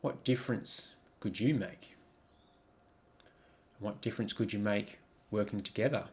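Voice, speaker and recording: Low-voiced man coaching through slides. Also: measured pace, a little mellow. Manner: reflective, asks many questions, frequent ums and restarts. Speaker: life coach. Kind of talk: coaching presentation over slides.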